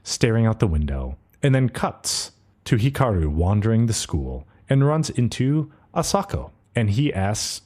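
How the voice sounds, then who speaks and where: A man co-hosting a podcast, casually recapping an episode in a relaxed, slangy way. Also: fairly low pitch, measured pace. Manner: animated retelling, relaxed slang. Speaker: podcast co-host.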